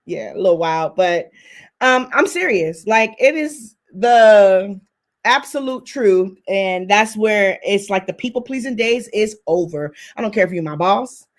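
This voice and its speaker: A woman in her twenties co-hosting a couples podcast, telling her side in an emphatic, animated casual chat. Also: medium pitch, a little slow. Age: 20s. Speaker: podcast co-host.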